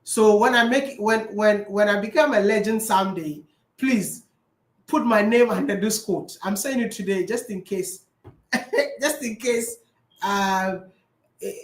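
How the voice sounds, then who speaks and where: A man chatting casually as a vlogger, answering viewer questions, laughing often and repeating his phrases. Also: high-pitched. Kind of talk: casual chat. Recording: roomy echo.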